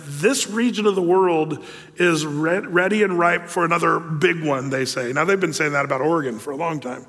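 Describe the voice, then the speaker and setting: With a long, church-hall reverb around him, this man delivers a sermon casually, full of filler words and side remarks. He speaks at a moderate pace, his voice sitting slightly high for a man.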